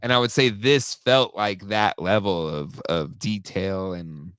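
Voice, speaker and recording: A man with a lowish voice hosts a relaxed chat show and talks with eager enthusiasm, often restarting his sentences. The sound is close and dry, with no room echo. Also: measured pace, clear, resonant tone. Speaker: podcast host. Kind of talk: casual chat.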